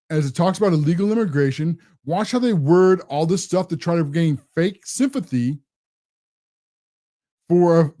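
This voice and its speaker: A man's voice: a little high, warm tone. A man hosting a political commentary show, ranting in a combative, sarcastic way. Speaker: host.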